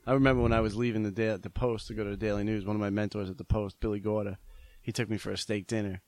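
A man hosting a podcast, easygoing and quick to laugh as he tells stories in casual chat. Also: lowish voice, flat delivery, darkish tone, no echo. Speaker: podcast host.

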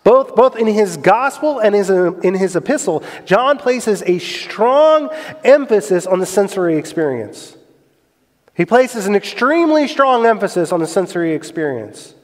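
A man with a high voice preaches in a church sanctuary, leaning hard on rhetorical questions and repetition. His delivery swings from loud, emphatic bursts to hushed lines. A long reverb trails every phrase. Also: big pitch swings, normal speed. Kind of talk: sermon.

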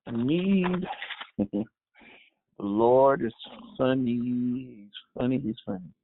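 A man hosting a devotional show, preaching slowly with halting restarts and a repeated refrain. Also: medium pitch, expressive, gravelly, a little hiss or hum. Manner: halting, repetitive, with many restarts and fillers; drives points home with a repeated refrain. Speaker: host and preacher. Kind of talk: devotional sermon. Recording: tinny phone-like dry sound.

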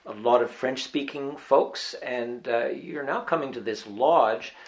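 Gravelly male interviewer, halting. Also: medium pitch. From Canada. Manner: halting questions full of "uh" pauses. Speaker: radio show host.

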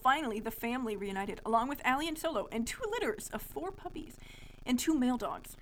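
A woman's voice: fairly high pitch, expressive, a little fast, slight background noise, poor audio. A young adult woman co-hosting a podcast, reading a childhood story aloud in a playful, amused way. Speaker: podcast co-host.

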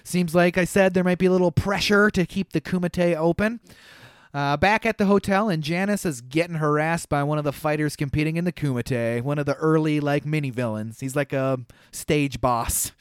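A man's voice: fairly high pitch, moderate pace, clean tone, no room sound, studio quality. A man casually recapping a film on a podcast, joking, laughing often and stumbling over names. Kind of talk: casual chat.

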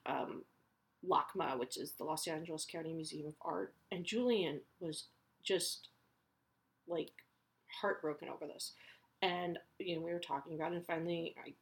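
Chatty mother, lowish voice. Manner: chatty, candid, swears freely. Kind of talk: casual personal chat.

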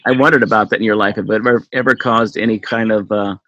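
A man hosting an interview, talking haltingly and repeating words as he gathers his thoughts. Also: fairly low pitch, fairly even intonation, bright, forceful tone, no echo. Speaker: podcast host. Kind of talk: casual interview chat. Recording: dull lo-fi audio with faint noise.

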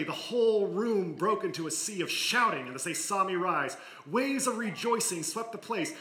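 Bright-voiced man reading a story in a sermon. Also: high voice. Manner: expressive reading that drops to a hush in quiet moments. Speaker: preacher. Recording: echoey room.

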